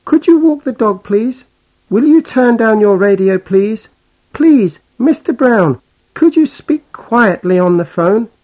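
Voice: medium pitch, lively intonation, slow pace, darkish tone, voice pushed up, low-quality recording. A voice actor playing a fussy, bossy landlady who politely nags her tenant with rule after rule in a scripted listening-exercise role-play. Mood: nagging politely. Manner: politely nagging, constant requests. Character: fussy, bossy middle-aged landlady, woman.

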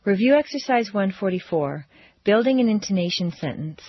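A woman leading a scripted pronunciation drill, speaking with slow, careful, deliberate enunciation. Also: mid-range voice, lively intonation, slightly rough, no room sound. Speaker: language teacher. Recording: dull lo-fi audio.

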